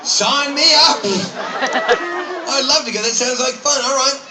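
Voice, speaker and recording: A man's voice: very high-pitched, animated, takes it slowly, very noisy. A man performing as a stage hypnotist in a live comedy show, with a playful, teasing manner, heard from the audience. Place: outdoor fair stage. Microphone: audience camera from a distance. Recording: distant echoey outdoor crowd recording. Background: loud crowd.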